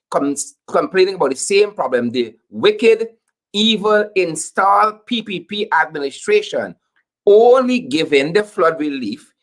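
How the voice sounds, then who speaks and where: A young Guyanese man with a Guyanese accent, hosting a political commentary show in an animated, joking way and repeating phrases for emphasis. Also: high voice. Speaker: host.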